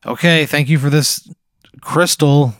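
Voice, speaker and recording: A man's voice: fairly high pitch, unhurried, no room sound, studio quality. Exasperated man in casual banter. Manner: exasperated, short replies. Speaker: podcast co-host answering a hypothetical. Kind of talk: casual comic chat.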